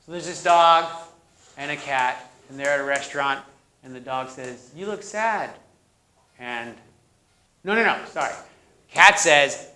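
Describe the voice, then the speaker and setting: A man's voice: medium pitch, pushed and bright. A male university lecturer teaching a classroom chemistry lecture, quizzing students and repeating their answers, with the odd corny joke. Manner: jokey, plays up corny jokes. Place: lecture hall.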